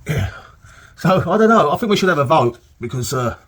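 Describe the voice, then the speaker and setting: In a slightly high, sing-song voice and a little fast, a middle-aged plasterer shows how cornice work is done inside a room on a work site, with slight background noise. He keeps it chatty and jokey, checking "okay?" as he goes.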